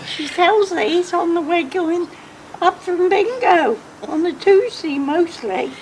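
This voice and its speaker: High-voiced woman chatting, noisy room. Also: lively intonation, slow pace, a little mellow. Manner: chatty, speaks while laughing. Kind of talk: casual chat.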